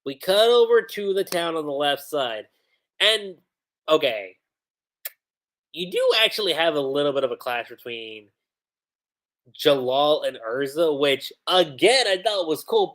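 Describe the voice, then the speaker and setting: A man's voice: fairly high pitch, animated, a little slow, fairly bright tone. A man casually recapping an anime episode on a livestream, retelling scenes and quoting the characters as he goes. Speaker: anime reviewer.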